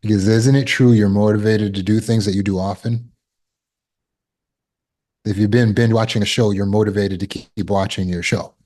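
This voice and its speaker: A man's voice: lowish voice, steady tone, moderate pace, darkish tone. A man giving a motivational talk as a self-help teacher, emphatic and repetitive, explaining with everyday examples.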